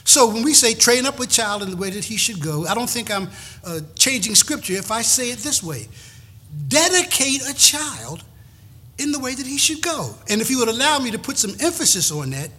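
A man's voice: high-pitched, very animated, normal speed, sharp tone, husky. A middle-aged male pastor preaching a sermon in a folksy, emphatic way, often repeating words as he builds a point.

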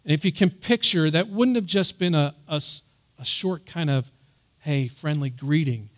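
A man's voice: high-pitched, lively intonation, normal speed. A man teaching a Bible passage in an earnest sermon style, raising his voice on the quoted words. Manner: earnest, loud on emphasized quotes.

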